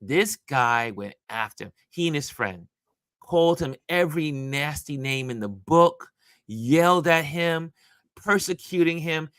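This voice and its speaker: Man host, bright forceful voice, dry close sound, animated casual storytelling. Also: a little high, a little slow, clear, resonant tone, no room sound. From New York. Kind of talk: casual commentary talk.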